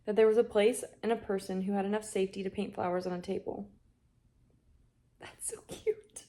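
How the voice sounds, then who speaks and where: A woman reacting out loud as she reads a fantasy novel, gushing and sometimes dropping to a whisper. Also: mid-range voice, steady tone, fast talker. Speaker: book vlogger. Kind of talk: reading vlog reactions.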